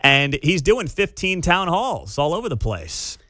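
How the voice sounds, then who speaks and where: Opinionated morning radio host, animated delivery, close dry booth sound. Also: male voice, fairly high pitch, no echo. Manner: animated, opinionated, quick laughs. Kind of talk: morning talk radio commentary. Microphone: studio microphone.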